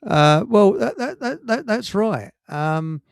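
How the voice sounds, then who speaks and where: A man's voice: sits high, very animated, slow, creaky, dry recording. A man hosting a casual talk show, rambling through stories, laughing often and restarting his sentences. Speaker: radio show host. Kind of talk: casual chat with anecdotes.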